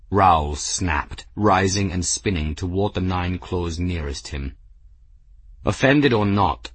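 Slow, deep man narrating an audiobook. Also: fairly bright tone, slightly rough, dry recording.

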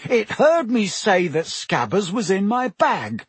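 A man's voice: high-pitched, sing-song, slightly rough, no room sound, voice pushed up, full character voice. A man doing a blunt, hot-tempered teenage boy. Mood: angry. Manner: indignant, blunt, quick to shout. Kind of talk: audiobook character voice.

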